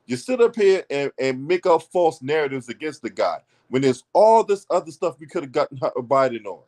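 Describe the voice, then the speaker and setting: A man's voice: fairly high pitch, big pitch swings, brisk, a little mellow. A man hosting his own political commentary channel, ranting in a heated, profane and sarcastic way.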